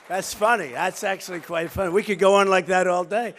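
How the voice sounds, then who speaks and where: A man's voice: high voice, fairly even intonation, a little fast, hardly any pauses, a bit bright, some chatter behind, slight background noise. A man running for office, giving a rambling, boastful, repetitive campaign speech from a rally stage. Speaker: political candidate.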